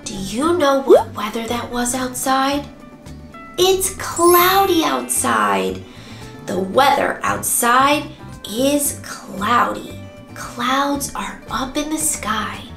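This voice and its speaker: A young woman teaching toddlers in a bright, high voice, drawing out every word in a slow sing-song. Her voice rings in an echoey room, with clear music playing behind her. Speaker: preschool teacher. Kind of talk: children's circle time lesson with songs.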